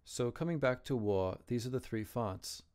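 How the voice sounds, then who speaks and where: A man teaching Chinese characters, explaining strokes and tones slowly and carefully. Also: medium pitch, animated, a little mellow, clean tone. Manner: slow, careful modeling of pronunciation.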